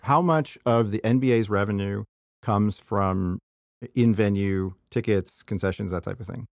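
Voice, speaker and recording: A man's voice: lowish voice, unhurried, vocal fry, dry recording, dull audio. A man co-hosting a casual talk show, probing and pushing back with questions. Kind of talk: casual debate.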